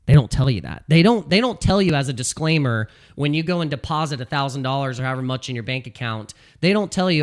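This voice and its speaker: A man giving casual commentary as a video host, animated and ranting, repeating phrases and laughing at his own jokes. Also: mid-range voice, fast, hardly any pauses. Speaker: crypto YouTuber. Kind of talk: casual talking-head commentary.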